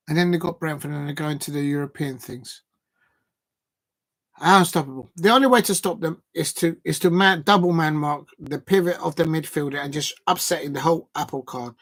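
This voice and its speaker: A man's voice: on the high side, fairly bright tone. A man, hosting a football livestream and chatting casually with viewers, rambling and thinking aloud with plenty of fillers. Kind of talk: casual live chat reacting to viewers.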